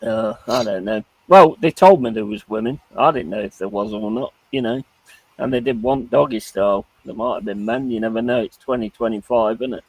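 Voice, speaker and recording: A man's voice: lowish voice, fairly quick, husky, dry recording, low-quality recording. A British man hosting a live stream, chatting casually, reading out chat comments, swearing and laughing easily. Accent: British English. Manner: laid-back, swears, laughs often, reads chat aloud. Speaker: streamer host. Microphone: streaming mic.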